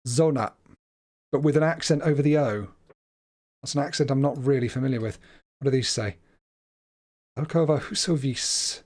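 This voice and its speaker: A man's voice: medium pitch, normal speed, pauses often, a little mellow. A man hosting a live stream, commentating a game as he thinks aloud in a chatty, hesitant way that often stumbles over his words. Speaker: livestream host.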